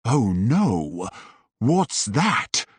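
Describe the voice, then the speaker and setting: A man voicing a calm male sabre-tooth cat in a steady, level manner for an audiobook story. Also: mid-range voice, extremely slow, husky, no room sound, heavily acted. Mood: alarmed.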